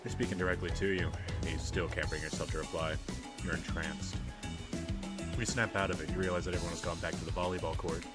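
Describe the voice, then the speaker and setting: Low-voiced guy narrating a dating sim, dry jokes on the side, game music under him. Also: flat delivery, fairly quick. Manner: wry, self-deprecating asides. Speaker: gamer reading a dating sim aloud. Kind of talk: let's play reading and commentary.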